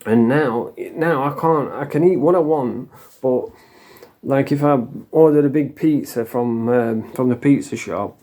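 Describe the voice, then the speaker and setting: A man's voice: mid-range voice, measured pace, dark tone. A middle-aged man from England, talking casually and bluntly to camera, rambling and swearing freely. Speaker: vlogger.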